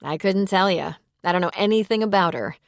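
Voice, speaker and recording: A woman's voice: fairly low pitch, brisk, vocal fry, no echo. A woman voicing a sly, guarded female bartender with a dry, knowing manner, in an audiobook.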